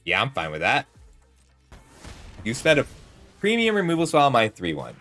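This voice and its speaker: A man in his thirties talks his way through a card game on stream, in a bright, lively voice that climbs and dips a lot. He chats loosely and rambles into anecdotes between plays. Faint music runs under him. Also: medium pitch, normal speed. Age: 30s. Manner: rambling, chatty, talks to chat while playing. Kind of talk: casual gameplay commentary with storytelling.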